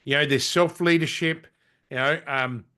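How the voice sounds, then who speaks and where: Blunt, fast-talking Australian man. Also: on the high side, steady tone, bright, forceful tone, clear, resonant tone. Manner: blunt, swears freely, restarts often. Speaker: podcast guest, business strategist. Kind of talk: casual interview storytelling.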